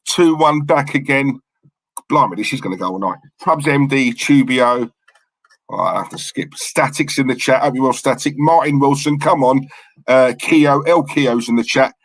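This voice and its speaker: Casting: male stream host, husky voice, dry close sound, chatty banter with viewers. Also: mid-range voice, moderate pace, no room sound, rough recording. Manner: chatty, banters with viewers, reads out names and lineups. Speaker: football watchalong host. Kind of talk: casual live-stream chat.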